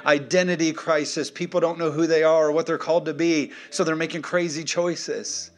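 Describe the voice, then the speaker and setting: A man preaching in a church, animated, swinging from loud, punchy calls to quiet, joking asides. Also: a little high, moderate pace. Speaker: pastor. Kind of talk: sermon.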